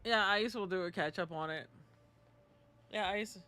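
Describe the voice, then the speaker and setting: A woman's voice: medium pitch, unhurried, sharp tone. A woman chatting casually while streaming a game, telling stories and acting out the voices in her anecdotes. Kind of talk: casual gaming stream chat.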